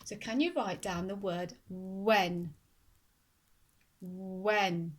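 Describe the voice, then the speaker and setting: Sounding out each word syllable by syllable, a woman teaches phonics to young children. She's a primary school teacher whose mid-range voice stays slow and clear.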